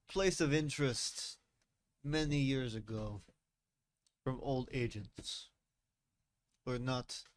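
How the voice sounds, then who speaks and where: A man putting on a deadpan Russian agent. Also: medium pitch, dry recording. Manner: clipped, formal, deadpan. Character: stern foreign male government agent, cold and blunt.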